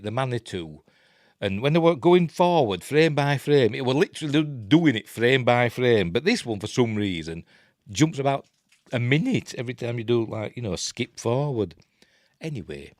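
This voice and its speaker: A man's voice: medium pitch, big pitch swings, moderate pace, no echo, clean studio sound. A man with a Yorkshire accent rambling casually through a live film commentary from his webcam. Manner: rambling, chatty, self-interrupting. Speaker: host.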